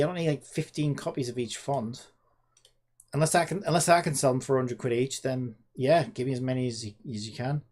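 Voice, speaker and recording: A man with a mid-range, darkish voice narrates his game development in a casual screen-recorded vlog. He rambles on, addressing himself with plenty of sarcasm.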